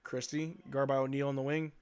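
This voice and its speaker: A man's voice: mid-range voice, flat delivery, brisk, darkish tone, clear, resonant tone. A male live-stream host giving casual fan play-by-play commentary in a blunt, exasperated, slangy way.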